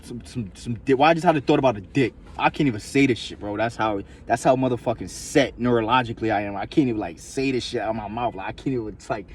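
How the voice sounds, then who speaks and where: A man's voice: lowish voice, fast, hardly any pauses, darkish tone, slight background noise. A man vlogging in a casual, rambling monologue, profane and repetitive, full of loose street slang.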